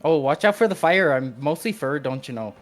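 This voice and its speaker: A man's voice: fairly high pitch, expressive, brisk, faint music behind, natural voice. A man voicing a hairy, friendly male bugbear, a runaway gladiator, in a folksy Canadian accent who keeps saying "bud" and "don't you know".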